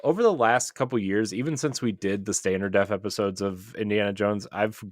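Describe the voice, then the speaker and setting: Low-voiced man in an enthusiastic podcast chat. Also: a little fast, dry recording, clean studio sound. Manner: enthusiastic, rambling with many fillers and restarts. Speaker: podcast co-host. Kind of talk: casual chat.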